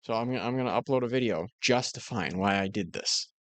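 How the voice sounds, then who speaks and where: A man's voice: fairly low pitch, quick pace, a bit bright, dry recording. A man giving casual, mocking commentary on another creator's video. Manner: sarcastic, mocking. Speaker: commentary YouTuber.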